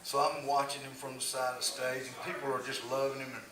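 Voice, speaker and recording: An older man tells casual, laughing stories about his years as a country singer, a folksy storyteller with a drawl. His mid-range voice is bright and forceful, fast, and completely flat in delivery. The recording is echoey and distant, from a noisy live room.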